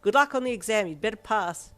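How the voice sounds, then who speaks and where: A woman voicing a brash, flippant delinquent teenage schoolgirl who often shouts. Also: mid-range voice, lively intonation, fast talker, voice pushed up, close to an everyday voice.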